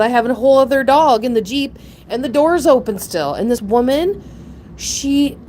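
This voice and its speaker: A woman hosting a casual chat, rambling through a story with frequent laughter and sudden high, emotional bursts. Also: slight background noise. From Ontario, Canada. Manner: rambling, animated, laughs often, breaks into emotional high pitch. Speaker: channel host.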